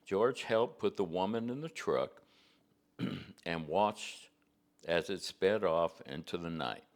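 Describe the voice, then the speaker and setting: Deep-voiced preacher, slow homespun storytelling, conversational. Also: male voice. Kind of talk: storytelling to a congregation.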